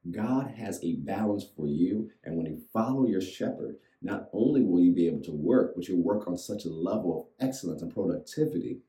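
Male pastor, low dark voice, rhythmic call-and-response sermon, echoey room. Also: expressive, a little fast, hardly any pauses. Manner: rhythmic repetition, leads audience in reciting.

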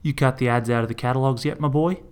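A man voicing a fierce middle-aged woman shopkeeper who shouts and swears in a raised voice. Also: medium pitch, fairly even intonation, racing, clear, resonant tone, pitched above the performer's own voice, natural voice. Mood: brisk.

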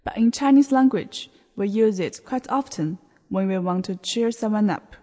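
A woman teaching a beginner language lesson on a podcast, explaining words in a slow, clear way. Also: mid-range voice, mellow. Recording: long hall reverb.

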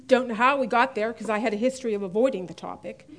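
A woman's voice: fairly high pitch, fast talker, fairly bright tone. A middle-aged woman teaching a women's Bible study class in a chatty way, often laughing and stressing key words.

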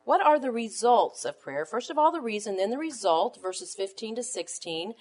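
A woman teaching a Bible study to other women, reading scripture in a measured cadence and leaning on rhetorical questions. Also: a little high, big pitch swings, a little mellow. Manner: emphatic, asks rhetorical questions.

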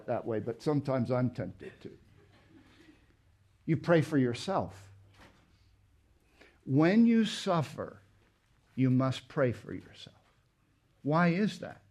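Guy giving a church sermon, pushes hard on key words, kinda high-pitched. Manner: emphatic preaching with rhetorical questions and sudden loud stresses. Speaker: pastor.

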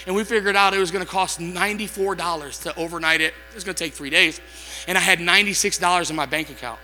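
A man preaching in a storytelling sermon, animated, acting out what people said and breaking into shouts. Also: sits high, a little fast, big-room sound, faint music behind. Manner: animated, acts out quotes, bursts into shouts.

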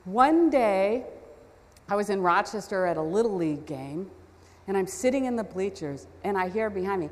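A woman's voice: mid-range voice, expressive, moderate pace. A woman preaching a storytelling sermon, talking conversationally with self-deprecating asides. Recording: long hall reverb.

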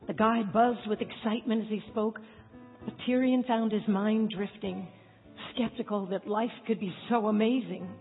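A woman narrating a dramatic story in a measured, expressive way. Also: medium pitch. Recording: tinny, echoey hall, faint music.

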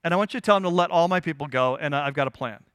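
Male pastor, high-pitched, dry close mic; conversational preaching with questions to the pews. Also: a bit bright, smooth, no room sound. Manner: conversational, asks the congregation questions; voices biblical figures in quick asides. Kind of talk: sermon.

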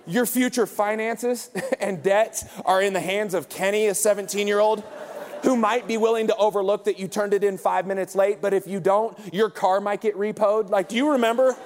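A pastor in his forties preaching a sermon in a lively, joking way, often acting out quotes. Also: high-pitched, normal speed. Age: 40s. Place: church auditorium. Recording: reverberant hall.

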